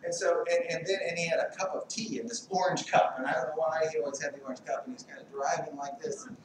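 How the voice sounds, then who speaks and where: A middle-aged man speaks at a memorial service, wandering through his memories with lots of fillers and restarts and a gentle, joking touch. His pitch sits in the middle range. The mic is some distance away in a reverberant hall, and there is steady noise in the background. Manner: halting, rambling, light humor, many fillers. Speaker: eulogist, family friend. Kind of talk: memorial speech.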